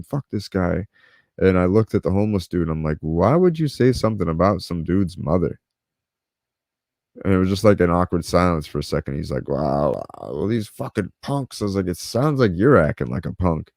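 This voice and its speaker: In a low, creaky, slightly mellow voice, a podcast host tells a story animatedly and a little fast, though his manner stays laid-back. He swears freely and acts out quotes, on a dry recording with clean studio sound.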